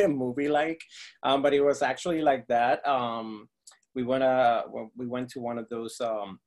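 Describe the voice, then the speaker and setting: A man in his thirties, a guest tarot reader on a video call, laughing often and hesitating with ums. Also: medium pitch. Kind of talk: casual video chat.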